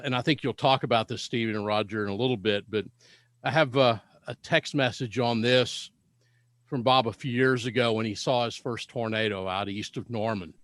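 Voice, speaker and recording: A man's voice: medium pitch, fairly bright tone, dry recording. Rambling male podcast host, dry sound. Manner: rambling with fillers and restarts. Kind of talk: casual podcast chat.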